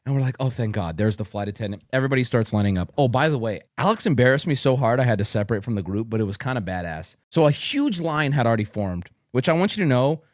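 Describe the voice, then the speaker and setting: A young man streaming, telling a story to his chat in a casual, profane way with loud outbursts. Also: medium pitch, lively intonation, quick pace, few pauses, no room sound, clean studio sound.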